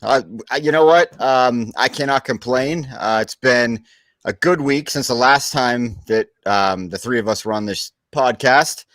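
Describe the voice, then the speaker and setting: A man's voice: mid-range voice, a little slow, a bit bright, dry recording. A man hosting a casual podcast, easygoing and steering the talk with plenty of fillers. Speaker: podcast host.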